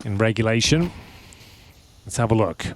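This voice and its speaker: A man commenting on esports in a laid-back, teasing tone on a headset. He chats easily between rounds. Clear background noise is heard throughout. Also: on the low side, expressive, moderate pace. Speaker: esports caster. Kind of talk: casual commentary banter.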